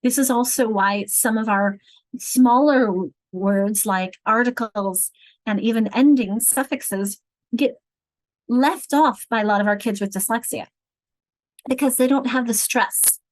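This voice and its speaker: A literacy trainer runs a teacher-training session on reading, explaining patiently, counting words aloud, and checking in with rhetorical questions. Her voice sits a little high and moves a little slowly. The recording is dry and rough.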